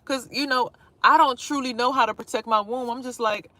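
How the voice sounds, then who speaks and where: Animated woman telling a story, dry sound. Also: fairly high pitch, brisk, dry recording. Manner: animated, profane, acts out quotes. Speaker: vlogger. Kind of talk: casual storytelling.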